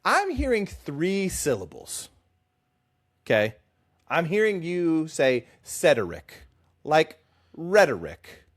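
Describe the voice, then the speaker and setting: Give it as an animated man co-hosting a book chat, teasing and quick to laugh, with a slightly high voice that swings around a lot. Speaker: podcast co-host.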